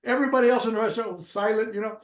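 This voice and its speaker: A man's voice: sits high, very fast. Rambling man in an echoey room. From Puerto Rico. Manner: rambling, with frequent restarts and fillers. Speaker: guest. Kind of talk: casual storytelling interview. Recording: roomy echo.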